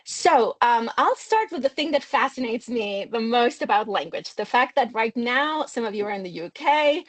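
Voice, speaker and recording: A middle-aged woman from Mexico who speaks English as her second language gives a seminar lecture. She explains clearly and engagingly, often drawing on personal stories. The talk comes through a video call. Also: on the high side, animated, normal speed, few pauses. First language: Spanish. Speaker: linguistics researcher giving a seminar talk. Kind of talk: academic lecture.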